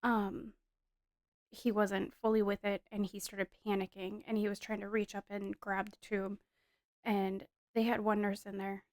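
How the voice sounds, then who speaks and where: A woman's voice: mid-range voice, flat delivery, a little slow, no room sound, studio quality. A woman in her thirties giving an earnest, emotional personal testimony in a casual storytelling way, with frequent fillers. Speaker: wife sharing a testimony.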